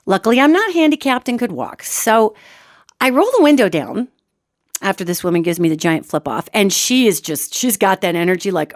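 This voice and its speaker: A woman hosting her own radio show, telling a dramatic personal story as a lively monologue that swings between loud outbursts and quiet asides, calling her listeners "gang". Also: medium pitch, brisk, dry recording, clean studio sound.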